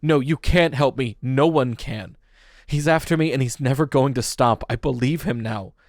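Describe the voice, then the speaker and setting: A man voicing a panicked, desperate teenage boy in an audiobook, frantic and shouting. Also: medium pitch, normal speed, dry recording, studio quality, close to an everyday voice.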